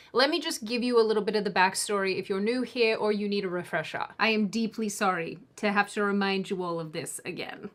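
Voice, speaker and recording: A woman's voice: medium pitch, a bit bright. A woman hosting a scripted commentary video, sarcastic, with jokey asides and mock apologies.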